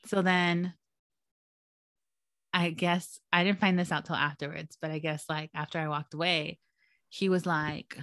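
A young woman co-hosts a casual podcast, telling stories with lively acted-out quotes and plenty of swearing. Her voice sits a little low for a woman. The sound is dry and close. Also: unhurried, pauses often, no echo. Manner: animated, acts out quotes, swears freely. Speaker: podcast co-host. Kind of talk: casual storytelling chat.

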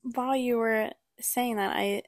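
A woman's voice: fairly high pitch, fairly even intonation, measured pace, no room sound, studio quality. A woman co-hosting a casual podcast, reacting to her co-host and explaining her thoughts. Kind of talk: casual chat.

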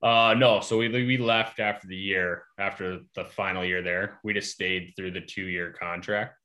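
Young man, guest, casual chat, relaxed, lots of likes and ums, lowish voice. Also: measured pace. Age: young adult. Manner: relaxed, filler-heavy storytelling. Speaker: guest, hockey player.

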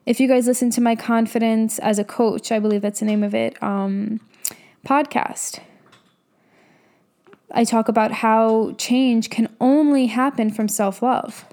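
A woman's voice: fairly high pitch, fairly even intonation, unhurried, warm tone. A young woman hosting a podcast, giving a casual motivational monologue as a business coach, candid and profane, acting out her own past thoughts.

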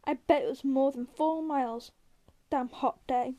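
A woman's voice: high-pitched, fairly even intonation, a little slow. A woman reading as an irritable, scolding small man. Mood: exasperated. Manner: sharp, scolding, cursing. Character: small wiry irritable man, quick and bossy.

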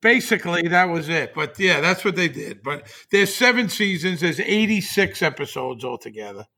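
A man's voice: on the high side, expressive, moderate pace, pushed and bright. A man speaking as a podcast guest in casual chat, with wry, chuckling asides.

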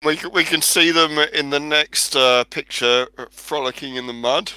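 Bright-voiced man making wry jokes. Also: a little high, normal speed, clean tone, no room sound, low-quality recording. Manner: wry, joking asides. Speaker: co-host. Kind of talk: casual chat over TV clips.

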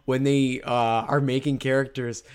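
Male co-host, relaxed reflective talker, casual chat. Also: mid-range voice, normal speed, smooth. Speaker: podcast co-host.

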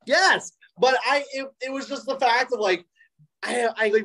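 A man's voice: extremely high pitch, moderate pace, poor audio. A young man, a professional wrestler, telling a story in a casual interview, acting out what people said with lots of ums. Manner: animated, acts out quoted voices, frequent fillers. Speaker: interview guest, pro wrestler.

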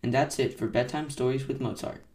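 A man gently reading a children's bedtime story aloud, recorded in an echoey room from a distance. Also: mid-range voice, fairly even intonation, brisk. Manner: gentle, soft-spoken narration. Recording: echoey room, mic set far off.

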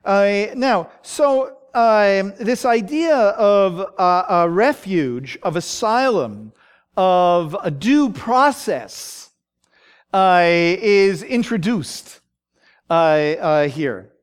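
A man teaching a Bible study, talking in a halting way with many fillers and frequent "okay?" check-ins. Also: high-pitched, animated, clean tone.

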